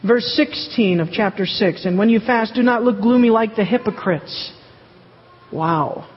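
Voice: medium pitch, unhurried, slight background noise. A Bible teacher working verse by verse, reading passages aloud and then asking rhetorical questions and answering them. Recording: dull, echoey hall recording.

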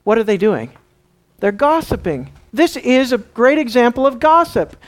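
A man's voice: very high voice, very animated, unhurried. A man pastor preaching a sermon, dramatic, asking the congregation rhetorical questions and acting out the people in the story.

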